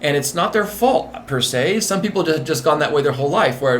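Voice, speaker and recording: A man being interviewed as a nurse manager and executive coach, talking in an emphatic, repetitive, animated way. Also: on the high side, brisk, a little hiss or hum.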